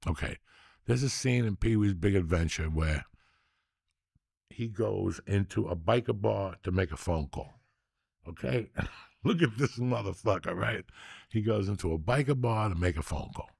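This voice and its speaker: Gravelly, foul-mouthed storytelling man. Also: on the low side, normal speed, no room sound, studio quality. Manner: profane, animated storytelling. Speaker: podcast host. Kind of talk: casual storytelling chat.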